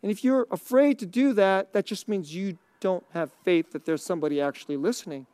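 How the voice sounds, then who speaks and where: A man preaching a conversational sermon, chuckling often and dropping to a near hush on key lines. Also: high-pitched, a little fast, clear, resonant tone, dry recording. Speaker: pastor.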